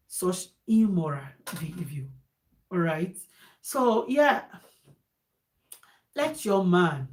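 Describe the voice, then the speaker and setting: Woman, 40s, mid-range voice; emphatic, repetitive advice-giver who drops into pidgin. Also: mid-range voice. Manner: emphatic, repeats phrases, switches into pidgin. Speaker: married woman giving relationship advice. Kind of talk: casual monologue.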